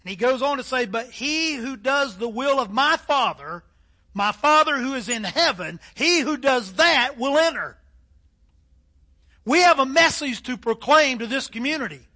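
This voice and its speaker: A man's voice: very high voice, lively intonation, normal speed, sharp tone. An older man preaching a sermon as pastor, emphatic, with a delivery that rises and falls.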